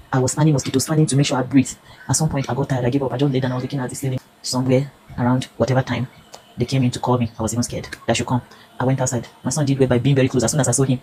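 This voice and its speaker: Nigerian woman, 50s, earnest testimony, rapid-fire delivery, mellow low tone. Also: slight background noise, low-quality recording. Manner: earnest, pleading, storytelling. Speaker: consumer reviewer. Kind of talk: emotional personal testimony.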